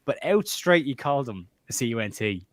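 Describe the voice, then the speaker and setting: A man hosting a casual football chat, telling animated stories with mocking impressions. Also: mid-range voice, brisk. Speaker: podcast host.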